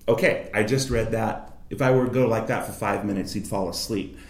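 A man's voice: on the low side, fairly even intonation, brisk, hardly any pauses, a little mellow. A man, a voice actor, explaining reading technique as a guest in a library study room. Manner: coaching, demonstrates reading aloud. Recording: roomy echo.

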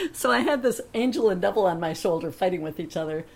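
A woman's voice: on the low side, lively intonation, quick pace, gravelly, a little mellow. A woman telling a personal anecdote in a chatty way, laughing often and acting out the other people in her story.

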